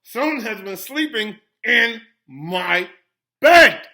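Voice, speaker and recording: A man voicing a big, gruff papa bear in a booming, drawn-out voice. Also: lively intonation, pushed and bright, full character voice. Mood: indignant.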